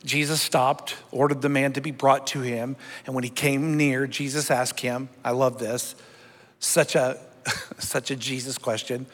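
A man's voice: medium pitch, level tone, unhurried. A middle-aged man preaching a sermon as pastor, emphatic and leading his congregation in reading Scripture aloud. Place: church sanctuary before a congregation, also streamed online. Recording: long hall reverb.

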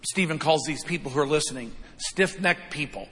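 High, bright-voiced preaching man. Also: a little fast. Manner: emphatic preaching, repeats phrases, asks "right?". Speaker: pastor. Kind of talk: sermon. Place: church sanctuary. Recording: long reverb of a large hall.

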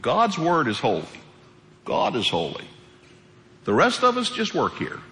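A male pastor preaching a sermon in a church sanctuary. He speaks in a colloquial, animated way and acts out the voices he quotes. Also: mid-range voice, unhurried. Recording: echoey hall reverb.

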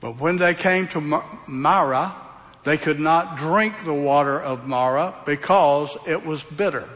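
A man's voice: on the high side, measured pace, a bit bright. A man preaching a verse-by-verse Bible sermon in a folksy way, putting rhetorical questions to the congregation. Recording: reverberant hall sound.

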